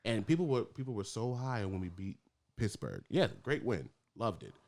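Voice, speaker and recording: Podcast co-host, man, low voice, animated casual rants. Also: normal speed. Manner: animated, swears freely, laughs. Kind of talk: casual sports chat.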